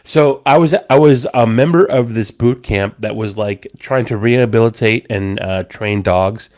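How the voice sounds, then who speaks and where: A man's voice: on the low side, normal speed. A man hosting a casual podcast chat with friends, telling a story with lots of swearing and acted-out quotes. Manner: animated storyteller, swears a lot, acts out quotes. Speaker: podcast host.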